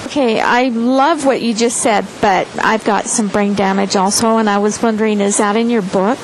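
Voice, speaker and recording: Woman in the audience, gravelly voice, grateful, chatty, noisy surroundings. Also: medium pitch, fairly even intonation, normal speed. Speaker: audience member.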